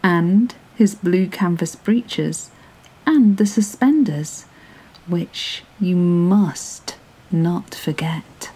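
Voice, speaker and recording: A woman reads a bedtime story aloud, soft and unhurried, and often sinks into a whisper. Her voice is husky and dark with a fairly low pitch, and her pacing is very slow. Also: poor audio.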